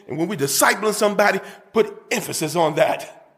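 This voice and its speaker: High bright-voiced fervent preacher man. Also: moderate pace. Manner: fervent, with shouted bursts and call-and-response to the congregation. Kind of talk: sermon. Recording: long reverb of a church hall.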